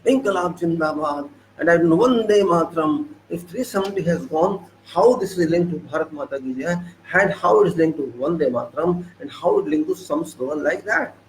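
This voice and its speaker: A man's voice: a little high, normal speed, a little hiss or hum, poor audio. A man with an Indian English accent delivering an indignant political monologue, firing off rhetorical questions and repeating himself for emphasis. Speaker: political commentator. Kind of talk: monologue commentary.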